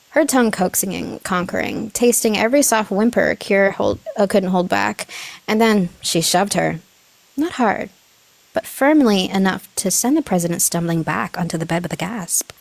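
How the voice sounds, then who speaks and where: A woman's voice: mid-range voice, moderate pace, creaky, no echo. Woman reading a story on stream, keeps giggling and fixing her lines, dead dry mic. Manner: giggly, self-correcting reading with asides. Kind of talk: live-stream reading aloud.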